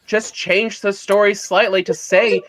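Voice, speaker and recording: A guest in a casual group chat who explains ideas thoughtfully. The voice sits mid-pitched. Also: level tone, unhurried, a bit bright, dry recording.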